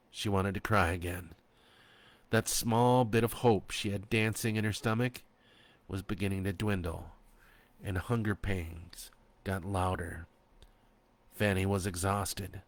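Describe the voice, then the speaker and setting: A man narrating his own horror story in a slow, expressive reading. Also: deep voice, dry recording.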